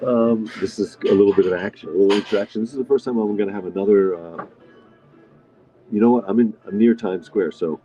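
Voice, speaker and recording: A middle-aged man with a very low voice chats casually on a live stream, drifting between topics and answering viewer comments. He is sitting in a diner. The sound is dull and lo-fi, with faint music in the background. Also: quick pace, warm tone. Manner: rambling, chatty, reads and answers viewer comments. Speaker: livestream host. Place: restaurant diner.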